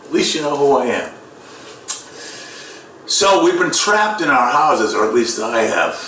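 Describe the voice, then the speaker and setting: A man's voice: mid-range voice, a little slow. A man with a Boston accent doing a sarcastic stand-up comedy routine. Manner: sarcastic, deadpan delivery with loud mock voices. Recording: echoey room, distant mic, faint noise.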